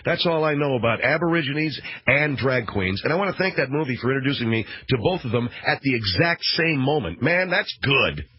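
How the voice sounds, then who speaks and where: A man's voice: mid-range voice, lively intonation, brisk, hardly any pauses, breathy edge. A man hosting a radio talk show, rambling through a sarcastic, mock-outraged monologue. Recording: dull, dry radio broadcast.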